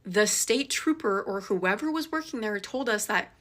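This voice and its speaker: Young woman telling a dramatic storytime. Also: mid-range voice. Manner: animated and dramatic, shifting between fast rushes and slow emphasis. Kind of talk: casual spoken storytime.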